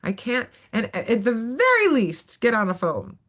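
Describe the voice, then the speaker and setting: A woman speaking as a panelist on a webinar, emphatic and lively, acting out little quoted exchanges as she explains. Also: fairly high pitch, moderate pace. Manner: emphatic, acts out quoted voices. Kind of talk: animated webinar talk. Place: video call.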